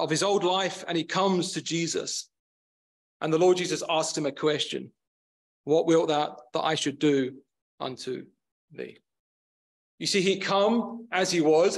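Male preacher, slightly high voice, earnest sermon delivery with building repetition. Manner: earnest, repetitive emphatic phrasing.

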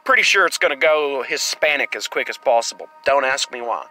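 A man's voice: medium pitch, brisk, hardly any pauses, rough recording. Man chatting over game music. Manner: rambling, reads game text in a flat plain voice. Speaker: gamer playing a survival game. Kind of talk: casual gameplay commentary and reading game text aloud.

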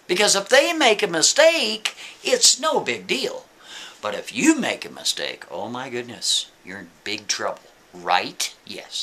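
A man spins a story in a casual, folksy way, checking in with his listener as he goes. His voice sits a little high and sounds bright and sharp. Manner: folksy, conversational, keeps asking "right?".

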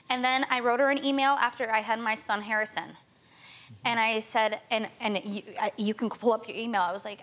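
A woman's voice: on the high side, steady tone, fairly bright tone. A young woman in her twenties, a talk show guest, telling her story with urgency and frequent restarts. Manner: tearful, rushed storytelling with many restarts. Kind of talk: emotional talk show testimony.

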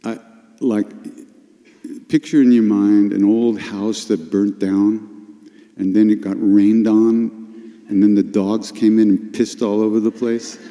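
An older man telling a personal spiritual story at a retreat workshop, unhurried and confessional, with sudden animated bursts. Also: fairly low pitch, muffled recording. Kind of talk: storytelling talk. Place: retreat hall with an audience. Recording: long hall reverb.

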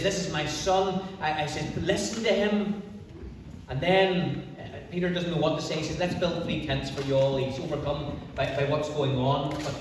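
A man preaching to children and parents at a church holiday club service, telling the story in an animated way with drawn-out, emphatic phrases. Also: sits high, a little hiss or hum. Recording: echoey church hall from far off.

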